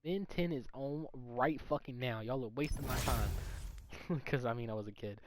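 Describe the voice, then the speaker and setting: A young man telling a story from his childhood in a casual, animated, profane way, in a noisy recording. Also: mid-range voice, normal speed. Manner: animated, profane, laughing at himself. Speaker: storytime vlogger.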